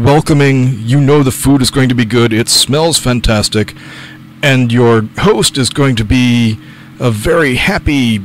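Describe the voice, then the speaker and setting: A man's voice: medium pitch, slight background noise, low-quality recording. A man, the game master, giving a descriptive aside about a setting for his players. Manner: brisk, descriptive, friendly aside. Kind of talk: narrated location description.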